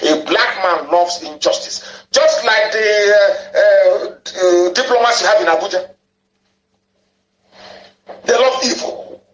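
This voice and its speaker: Man, high pitch, fiery insulting political broadcast, echoey room. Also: slow pace, a bit bright.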